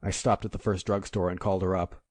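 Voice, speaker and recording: A man reading a first-person crime novel aloud in a measured, dramatic storytelling manner. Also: deep voice, level tone, darkish tone. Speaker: audiobook narrator. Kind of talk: scripted first-person narration.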